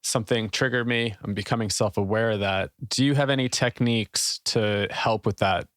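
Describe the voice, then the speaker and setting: A man hosting a podcast, talking in a relaxed, rambling way with many fillers. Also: fairly low pitch, moderate pace, dry recording, studio quality. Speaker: podcast host. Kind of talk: interview conversation.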